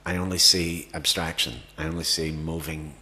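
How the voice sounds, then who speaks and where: A man's voice: rumbling low, little pitch movement, normal speed, bright, forceful tone. A man answering audience questions about acting at a festival Q&A, rambling with many fillers and restarts. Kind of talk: festival Q&A conversation.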